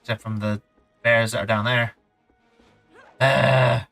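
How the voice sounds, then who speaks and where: A man's voice: mid-range voice, level tone, takes it slowly, gravelly, pushed and bright, rough recording. A man streaming a video game and chatting casually to viewers, rambling and poking fun at himself. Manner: chatty, self-mocking, rambling asides. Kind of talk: casual gameplay commentary. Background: faint game music.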